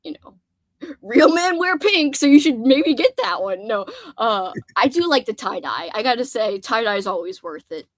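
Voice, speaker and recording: A woman's voice: on the high side, lively intonation, moderate pace, no room sound. A young woman hosting a casual livestream, chatty and giggly, reading out chat messages and laughing often. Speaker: livestream host.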